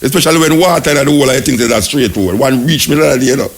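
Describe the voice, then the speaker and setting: A Jamaican man from Jamaica, hosting talk radio with animated, ranting commentary. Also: mid-range voice, very fast, breathy edge.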